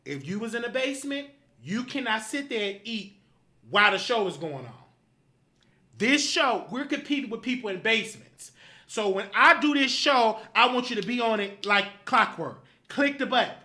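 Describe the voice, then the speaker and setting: A man's voice: extremely high pitch, animated, normal speed, sharp tone. A man hosting a live show, angrily scolding his producer in a profane, repetitive rant. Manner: repetitive, emphatic commands. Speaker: show host.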